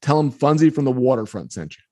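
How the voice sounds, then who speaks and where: A man voicing a big, frightening, deep-voiced stranger on a bus who talks gruffly and bluntly. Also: expressive, quick pace, darkish tone, close to an everyday voice. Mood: instructing.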